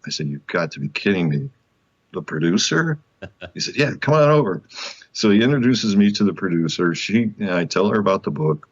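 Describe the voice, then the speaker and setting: A man, a guest author, telling a story in an interview, animated and laughing often as he acts out the dialogue. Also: low voice, a little fast, slightly rough, muffled recording.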